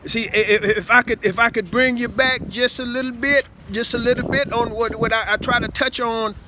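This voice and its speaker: A man giving a rambling, improvised talk to his listeners, halting with many stammered repeats and asides of "see?". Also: very high voice, steady tone, pushed and bright, a little hiss or hum. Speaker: self-styled speaker addressing listeners.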